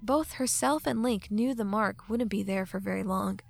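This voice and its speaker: A woman narrating a fantasy audiobook in a measured, expressive storytelling manner. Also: mid-range voice, creaky, no room sound. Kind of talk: scripted narration. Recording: dry close mic with faint music.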